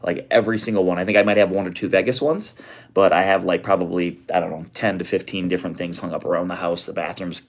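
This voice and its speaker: A man's voice: low-pitched, fairly even intonation, quick pace. A man hosting a casual livestream from his home office, greeting viewers with easygoing slang. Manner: laid-back, greets viewers with slang like homie and brother. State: a bit out of breath. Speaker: livestream host.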